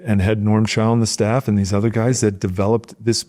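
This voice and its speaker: Here the ex-football player, a middle-aged rural Wisconsin man, talks briskly with a fairly low pitch in a casual podcast interview. Animated as he tells his stories, he mimics his former coaches by raising his voice to echo their yelling.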